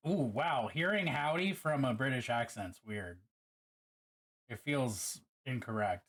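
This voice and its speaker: A man's voice: medium pitch, lively intonation, a little slow, fairly bright tone. A man streaming live while painting miniatures. He chats casually, swears freely and greets viewers by name.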